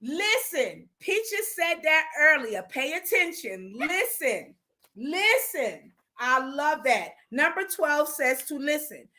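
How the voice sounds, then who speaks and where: Woman host, high bright voice, chatty advice talk. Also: sing-song, slow pace. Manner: chatty, warm asides to her pet mid-talk. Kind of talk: casual relationship advice talk.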